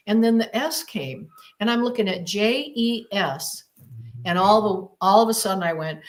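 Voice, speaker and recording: A woman's voice: mid-range voice, normal speed. A woman guest on a podcast, retelling a personal experience in a vivid, emphatic way with repeated phrases. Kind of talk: dramatic personal storytelling.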